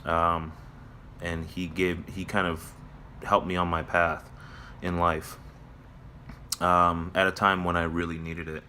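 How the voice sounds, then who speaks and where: A man with a very low, bright-edged voice gives a somber personal vlog update, halting and reflective, full of fillers and restarts. He talks from his workplace, with faint noise behind him. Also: flat delivery. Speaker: vlogger. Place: at his workplace near closing time.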